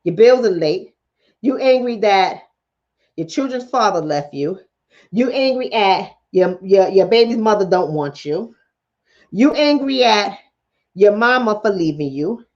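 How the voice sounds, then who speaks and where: A woman's voice: mid-range voice, lively intonation, measured pace, darkish tone, highs cut off. A woman hosting a live stream as a psychologist, talking bluntly and preachily to her chat and hammering points home through repetition. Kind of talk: casual live-stream talk answering chat.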